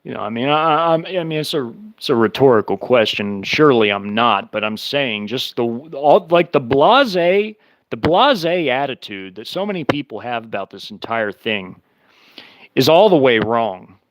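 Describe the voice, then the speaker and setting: A man's voice: mid-range voice, expressive, moderate pace, no room sound, rough recording. Emphatic man in dry close sound. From United States. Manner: emphatic, repetitive, alarmed and indignant. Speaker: show host. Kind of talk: casual commentary monologue.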